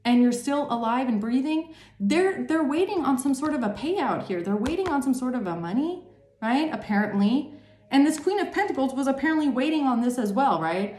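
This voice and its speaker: A woman's voice: sits high, expressive, fairly quick, a little mellow, echoey room. A woman giving a tarot reading monologue, emphatic and repetitive, swearing freely. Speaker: tarot reader.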